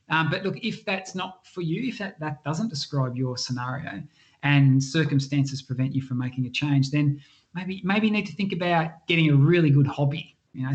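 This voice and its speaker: A man giving a motivational health talk, telling stories and acting out the voices of people in them. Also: on the high side. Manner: animated storyteller, acts out quoted voices. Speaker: health speaker. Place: church health event.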